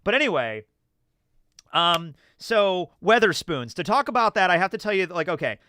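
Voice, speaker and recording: This is a high, clear, resonant male voice at normal speed, belonging to a young American livestreamer. He wanders through animated anecdotes and responds to chat questions, leaning heavily on fillers.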